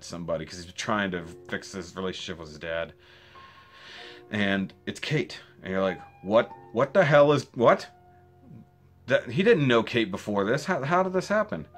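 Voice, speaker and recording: A man recapping a show in a casual spoken review, rambling and excitable, with restarts and rhetorical questions. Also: on the low side. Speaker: video reviewer.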